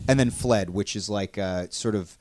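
A man co-hosting a casual podcast chat, telling rambling anecdotes with lots of fillers and quoted back-and-forth. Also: on the low side. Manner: rambling storyteller, quick and animated, many fillers. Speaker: podcast co-host.

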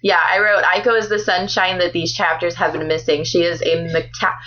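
A woman co-hosting a casual book podcast, chatty and quick to laugh, often reading from her notes. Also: lowish voice, little pitch movement, a bit bright, muffled recording, faint music behind. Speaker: podcast co-host.

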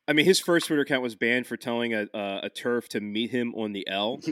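A man from the Philadelphia area telling stories on a podcast, animated, laughing often and restarting his sentences. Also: medium pitch, brisk, clean tone. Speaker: podcast host. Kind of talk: casual podcast chat.

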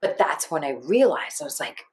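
Low-voiced woman in emotional chat. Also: moderate pace. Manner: emotional, rambling, animated quoting. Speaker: podcast co-host. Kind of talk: casual podcast chat.

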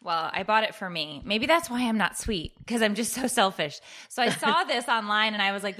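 A woman's voice: mid-range voice, brisk, hardly any pauses, bright, forceful tone. A middle-aged woman hosting a podcast in casual chat, laughing easily and poking fun at herself. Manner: laughs easily, self-deprecating. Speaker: podcast host.

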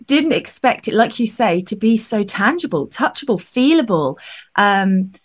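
A woman's voice: mid-range voice, lively intonation, a little slow. A woman hosting a casual chat, talking in a chatty, self-deprecating way.

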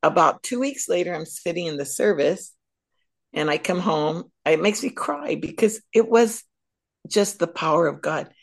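Low gravelly woman telling her testimony. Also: moderate pace. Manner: animated storyteller. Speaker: guest speaker. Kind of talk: personal faith testimony.

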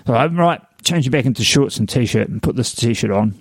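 A man's voice: medium pitch, animated, normal speed, breathy edge, no echo. A man hosting a podcast, talking casually and rambling, with plenty of fillers. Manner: rambling and chatty, with many fillers and laughs. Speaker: podcast host. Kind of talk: casual chat.

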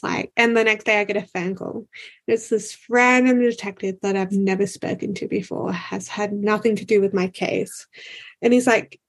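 A woman's voice: mid-range voice, steady tone, normal speed, creaky. A young woman, talking frankly as a guest, with lots of "like" and casual swearing. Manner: frank, heavy use of filler "like", casual swearing. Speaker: podcast guest. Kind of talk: candid conversational storytelling.

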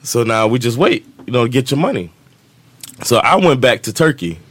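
A man's voice: mid-range voice, big pitch swings, moderate pace, a bit bright. A man, telling a story on a casual podcast, laughing often and acting out the voices of the people in it. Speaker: podcast co-host.

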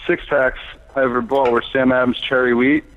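A man's voice: mid-range voice, flat delivery, brisk. A man in his thirties, a brewer calling in as a guest, telling his story in a plain, easygoing way with many fillers. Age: 30s. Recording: tinny phone line.

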